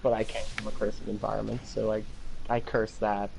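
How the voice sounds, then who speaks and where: A man's voice: lowish voice, monotone, normal speed, vocal fry, darkish tone, a little hiss or hum, low-quality recording. An American man hosting a gaming livestream, rambling in casual chat, laughing often and cursing freely. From United States. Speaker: livestream host.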